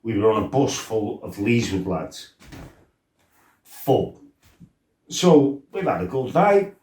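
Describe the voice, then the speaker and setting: A man's voice: lowish voice, takes it slowly. A middle-aged man telling stories from his fighting past, swearing freely and acting out his own outbursts. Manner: swearing, animated, acts out his own shouting. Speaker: former fighter telling his life story. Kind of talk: casual storytelling. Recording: roomy, from a distance.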